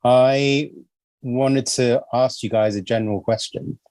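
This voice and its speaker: A male podcast host chatting loosely into a close mic, his speech full of fillers and small laughs. His pitch sits in the everyday middle, and the sound is dry with no room at all. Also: steady tone, a little slow, darkish tone, no echo. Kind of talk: casual podcast chat.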